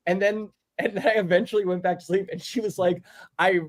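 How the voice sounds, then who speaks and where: Brief: man, fairly high voice, casual storyteller who acts out the quotes. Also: brisk. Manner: animated, acts out quotes with big pitch swings.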